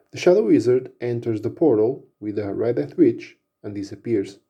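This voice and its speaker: A man narrating an action story casually, unhurried, with fillers. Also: on the low side, lively intonation, warm tone, slightly rough.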